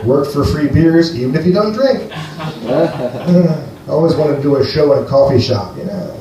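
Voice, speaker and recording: A man from Greece doing a rambling, deadpan stand-up set for a live audience at a comedy venue. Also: a little high, moderate pace, far from the mic. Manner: rambling, deadpan, playful with the crowd. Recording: echoey live room, heard from afar.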